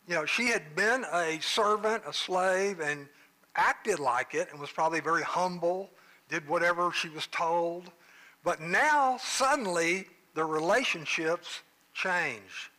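Male pastor, joking and conversational, high and bright, takes his time. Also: poor audio. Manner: conversational and joking, with playful asides. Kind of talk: sermon.

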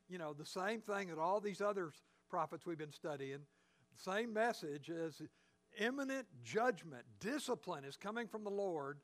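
A man's voice: high voice, fairly bright tone. A man preaching a sermon, emphatic and driving his points home with repeated rhetorical questions.

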